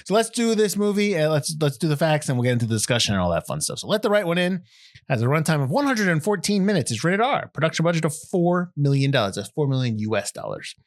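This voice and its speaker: A man's voice: on the high side, sing-song, fast talker, no room sound, clean studio sound. An American man hosting a podcast in casual chat, rambling and correcting himself as he reads out figures. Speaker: podcast host.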